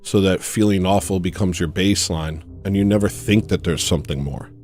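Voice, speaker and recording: Low-voiced man rambling a comedy monologue. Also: fairly quick, a little mellow. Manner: rambling, jumps between tangents, laughs at his own jokes. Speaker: livestream host.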